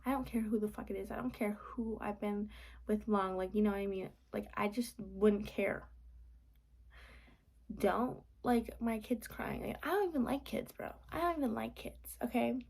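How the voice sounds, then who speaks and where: In a medium-pitched voice at normal speed, with vocal fry and a slightly mellow, slightly rough tone, a young woman vents in a late-night vlog from her apartment. She rambles casually, uses "like" a lot, and at times drops to whispers.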